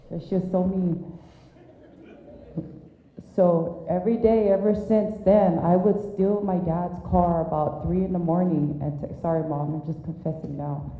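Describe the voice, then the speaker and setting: A low-voiced middle-aged woman gives a candid eulogy for her father, telling stories with wry self-deprecating asides. Her voice rings in an echoey hall. It comes through thin and tinny, like a phone line. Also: slight background noise. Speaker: daughter giving a eulogy. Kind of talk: personal memorial speech.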